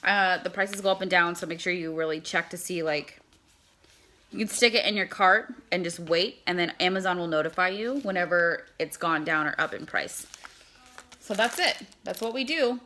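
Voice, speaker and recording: A woman's voice: on the low side, moderate pace, pushed and bright. A woman giving a casual how-to demonstration, chatting as she packs and handles mail. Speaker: product seller.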